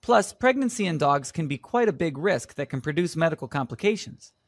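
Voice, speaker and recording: Calm vet, lively high-ish voice, dry studio mic. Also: male voice, fairly quick, no room sound. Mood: reassuring. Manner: patient, reassuring, explanatory. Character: calm reassuring male vet. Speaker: vet in a scripted exam dialogue. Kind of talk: scripted exam role-play.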